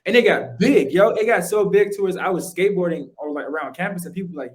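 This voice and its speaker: A young man, a podcast guest, casually telling his story in animated, slangy speech full of "like" and "yo". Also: high voice, fast talker, few pauses.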